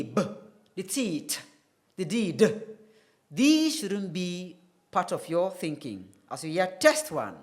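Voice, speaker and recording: Male English tutor, TV phonetics lesson, slow and methodical, repeats sounds for the class. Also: high voice. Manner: slow, deliberate, repeats sounds to demonstrate them.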